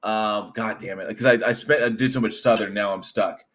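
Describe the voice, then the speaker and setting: A man chatting casually on a livestream, animated, laughing often and trailing off mid-thought. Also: on the low side, normal speed.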